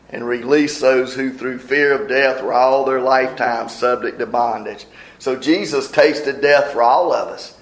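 A man's voice: mid-range voice, roomy sound, rough recording. A man preaching a sermon in a folksy manner, explaining scripture verse by verse. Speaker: pastor.

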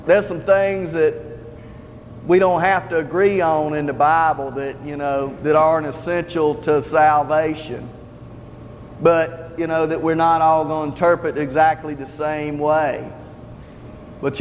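High-voiced man preaching a homespun sermon. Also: a little hiss or hum. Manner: earnest, repetitive, conversational preaching. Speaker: lay preacher. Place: church. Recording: dull, roomy hall recording with faint ambience.

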